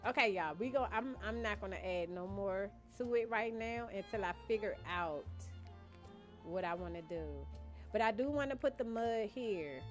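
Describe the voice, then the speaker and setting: At a moderate pace and with a mid-range voice, a young woman chats with her live-stream viewers while she plays. She muses aloud, calls the chat "y'all," and faint background game music is audible.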